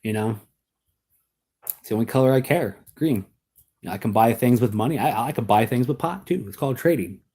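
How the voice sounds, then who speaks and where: A man's voice: medium pitch, a little fast, long pauses, mellow, slightly rough. A young adult American man chatting casually on a live stream, rambling, laughing often and restarting his sentences.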